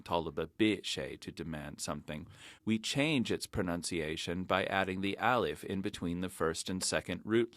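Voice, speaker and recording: A man's voice: deep voice, fairly bright tone, no echo, clean studio sound. A man giving a recorded grammar lesson, explaining verb patterns in a methodical, step-by-step way. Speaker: Arabic teacher.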